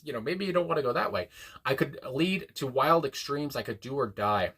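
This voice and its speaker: A man's voice: medium pitch, sharp tone. A man hosting a music reaction video, talking casually about a song with lots of fillers and restarts, reading the lyrics aloud and commenting on them. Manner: rambling, many fillers and restarts. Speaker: music reaction channel host.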